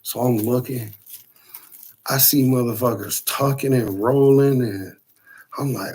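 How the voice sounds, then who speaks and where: A man casually telling a profane, animated story about a frightening night. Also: medium pitch, a little slow, husky.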